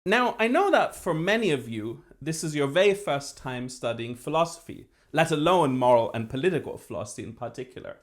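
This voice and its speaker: A man giving a university philosophy lecture as the professor, precise and lively, with dry self-deprecating humor. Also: fairly high pitch, fairly quick, hardly any pauses. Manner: acts out voices when telling a joke.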